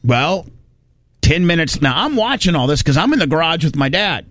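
A man's voice: on the high side, sing-song, normal speed, fairly bright tone, no room sound, studio quality. A man from Indiana, telling a long rambling story in casual chat and acting out the voices of the people in it. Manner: rambling, folksy, acts out quoted voices. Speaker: podcast host telling a story.

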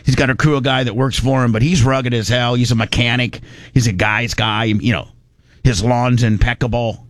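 A man's voice: medium pitch, fairly even intonation, moderate pace, dry recording. A middle-aged man from Indiana telling a rambling, folksy story in casual podcast chat. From Indiana, USA. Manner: rambling, folksy, with many restarts.

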